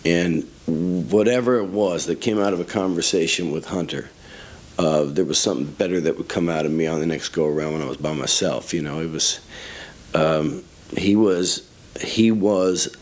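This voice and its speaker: A man speaking thoughtfully in an interview, pausing to search for words. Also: sits low. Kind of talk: reflective interview.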